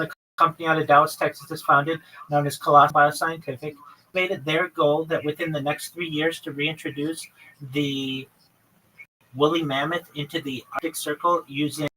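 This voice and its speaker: A man with a bright, slightly high voice, hosting a livestream and earnestly rattling off long lists of plans. He sounds set back from the mic, with a faint hiss of noise behind him. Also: husky, distant mic, rough recording. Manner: earnest, lists many topics in long runs. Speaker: livestream host. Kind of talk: livestream chat with a caller.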